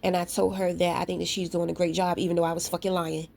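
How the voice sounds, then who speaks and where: A woman's voice: lowish voice, little pitch movement, fast, vocal fry, darkish tone. A woman and parent ranting to her camera in a blunt, profane, confrontational way, telling a story full of asides. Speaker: vlogger. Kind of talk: casual rant to camera.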